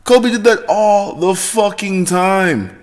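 A man hosting his own podcast, talking in a rambling, profane monologue that swings between loud excitement and low mutters. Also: takes it slowly. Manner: rambling, heavy swearing, self-correcting. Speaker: podcast host. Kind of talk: casual solo monologue.

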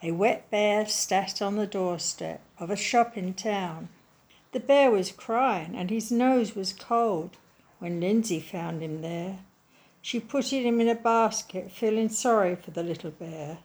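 A woman reading a children's story aloud in a slow, gentle, clearly enunciated way. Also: mid-range voice.

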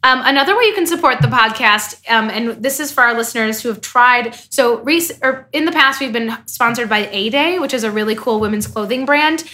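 A young woman with a bright, crisp voice pitched a little high talks in a relaxed, rambling way, full of fillers and quick giggles. She sounds like a podcast co-host trading stories with a friend. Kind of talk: casual chat.

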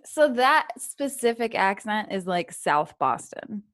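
This woman hosts a podcast in a loose, chatty way, laughing often between her thoughts. Her voice sits at an ordinary middle pitch. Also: big pitch swings, slow, a bit bright. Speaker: podcast host. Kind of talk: casual chat.

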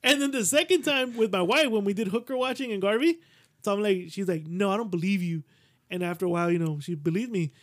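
A man hosting a podcast, rambling through crude stories in casual chat and acting out quoted lines. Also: fast talker. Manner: rambling storyteller, acts out quotes in a higher voice. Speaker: podcast host.

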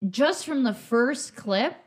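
A young woman chatting casually about a movie, expressive and playfully exaggerating. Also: a little high, slow. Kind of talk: casual chat reviewing a movie.

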